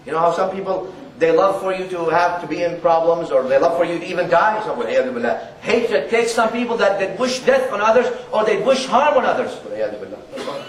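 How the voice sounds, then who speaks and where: A man giving a Friday sermon, earnest and repetitive, reciting Arabic verses quickly between his explanations. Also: sits high, lively intonation, echoey room, distant mic, a little hiss or hum, rough recording. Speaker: preacher.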